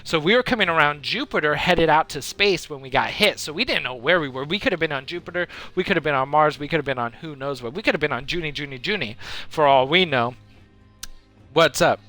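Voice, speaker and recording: A man's voice: a little high, lively intonation, a little fast, pushed and bright, soft background music. A man live-streaming a game, telling a playful tall tale with sound effects and chatting with viewers. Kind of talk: live-stream storytelling and chat.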